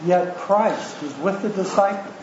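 A man's voice: sits high, unhurried. Earnest man speaking from the audience. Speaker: audience member. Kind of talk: comment from the audience. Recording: roomy, muffled, noisy audience recording.

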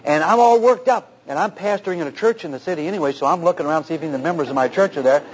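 Husky-voiced man preaching through a story. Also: a little high, racing. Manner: earnest, anecdotal, animated retelling. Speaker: pastor. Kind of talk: storytelling sermon on marriage. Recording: dull lo-fi recording.

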